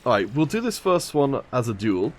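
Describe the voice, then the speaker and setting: This man, an esports stream caster, calls a mobile game in a casual style, welcoming chat viewers by name and cracking self-deprecating jokes. His mid-range voice is sing-song and moderately paced, with soft music in the background.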